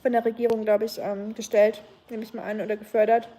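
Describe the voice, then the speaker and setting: Talking fast in a flat, dark, slightly high voice, a young German woman with a German accent hosts a livestream. She chats casually over viewer comments, hesitant and heavy on ums.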